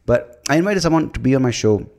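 A man's voice: medium pitch, animated, quick pace, creaky, a little mellow. A man with an Indian accent hosting his own podcast in a rambling, self-mocking way, swearing often and laughing at himself. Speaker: podcast host and stand-up comedian. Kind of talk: casual solo podcast monologue.

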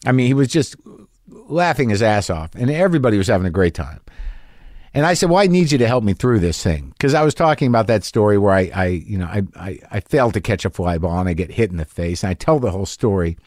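A man's voice: lowish voice, animated, quick pace, a little mellow, no echo, clean studio sound. Rambling middle-aged male comedian. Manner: rambling, self-interrupting with repeated words; voice rises sharply when acting out audience members. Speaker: podcast host and comedian. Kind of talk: casual storytelling monologue.

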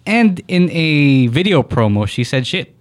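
Casting: man, podcast host moving the segments along, relaxed chat. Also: fairly high pitch, unhurried. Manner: steers the talk, mixes in Tagalog. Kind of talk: casual wrestling chat.

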